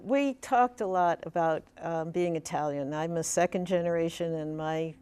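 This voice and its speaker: A woman's voice: on the low side, normal speed, a little mellow, clear, resonant tone. A woman from the Bronx, interviewing an author on stage, chatty and laughing often. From the Bronx, New York.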